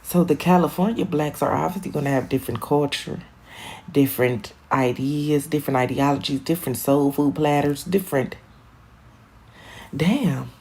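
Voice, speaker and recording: A young woman from Michigan chatting on a live stream, rambling, animated and profane, laughing at her own jokes. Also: deep voice. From Michigan, USA. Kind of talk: casual live-stream chat.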